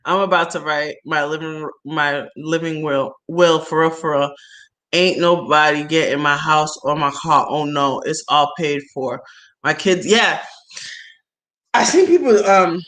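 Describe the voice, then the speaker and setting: A woman telling a personal story in casual chat, animated and laughing often, her voice jumping to loud shrieks when excited. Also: low-pitched, unhurried. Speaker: host.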